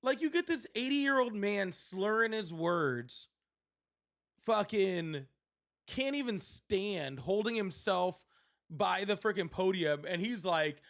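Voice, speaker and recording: A man hosting a political livestream while seated at home speaks slowly in an expressive voice that sits high with a fairly bright tone. His casual streaming talk is sardonic, profane and meandering.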